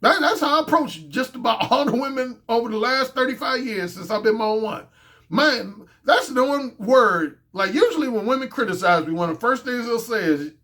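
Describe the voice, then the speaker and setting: A man with a high voice for a male speaker holds forth as a dating coach in a loose, unscripted monologue. He talks bluntly and boastfully, with plenty of profanity. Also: big pitch swings, brisk, bright, forceful tone. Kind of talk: casual monologue.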